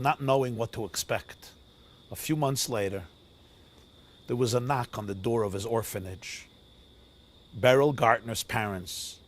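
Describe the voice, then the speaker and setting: A male rabbi giving a sermon as a story, dramatic, swinging from loud to hushed, with Yiddish and Hebrew words mixed in. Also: medium pitch. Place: outdoors near a forest.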